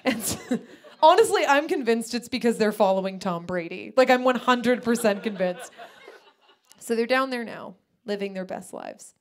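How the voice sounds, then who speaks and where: A woman comedian telling a story in stand-up, animated and exasperated. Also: a little high, moderate pace.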